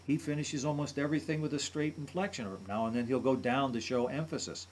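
Talking fast but keeping a steady tone, a mid-range male voice analyzes politicians' speaking habits in detail on a radio talk show. As a voice and speech commentator, he mimics their patterns.

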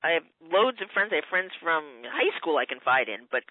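A woman's voice: sits low, sing-song, fairly quick, no room sound. A woman speech coach giving methodical, instructive advice in a radio interview. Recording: tinny phone line, dry.

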